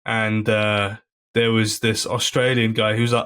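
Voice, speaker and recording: A male comedian appears as a podcast guest, chatting casually and telling stories earnestly with many fillers and restarts. His voice is fairly low and fairly bright, delivered flatly at a moderate pace.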